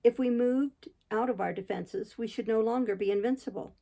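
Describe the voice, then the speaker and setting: A woman reading a classic novel aloud in a measured, steady storytelling manner. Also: on the high side, creaky, poor audio. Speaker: audiobook reader. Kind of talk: audiobook narration.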